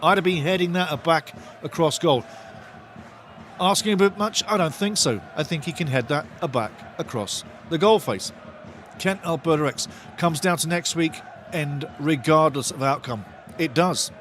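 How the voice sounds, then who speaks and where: A man hosting a live football watch-along, giving partisan, excitable commentary and chatting to his viewers. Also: a little high, normal speed, some chatter behind, a little hiss or hum.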